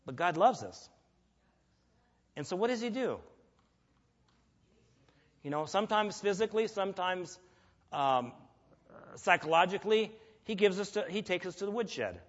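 With a high-sitting, animated voice, a man delivers a conversational sermon at a moderate pace, pausing often. He asks the audience questions and performs grumbling prayers. The audio is lo-fi and dull, with a long reverb.

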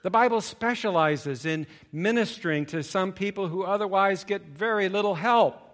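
A male preacher giving a sermon, emphatic, swinging between loud stressed phrases and low asides. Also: normal speed.

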